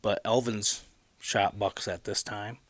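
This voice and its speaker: A man's voice: on the low side, slow pace, no room sound. Midwestern male podcast host, rambling casual storyteller, dry close sound. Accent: Midwestern American. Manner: rambling, animated retelling with many restarts.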